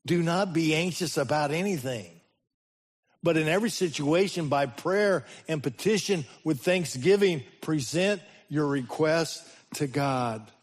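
A man preaching a sermon as the pastor, his voice swinging between sudden loud rises and slow, hushed drops. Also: a little high, expressive.

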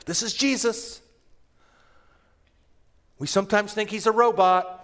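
A male pastor preaching a sermon in an emphatic, conversational manner that swells into loud declarations. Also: high-pitched, unhurried.

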